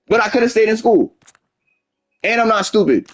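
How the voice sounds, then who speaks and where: A man's voice: high-pitched, lively intonation, normal speed, long pauses. A young man rambling through a frustrated personal story and acting out both sides of arguments. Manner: rambling, frustrated storytelling with quoted back-and-forth. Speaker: streamer. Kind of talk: casual venting monologue.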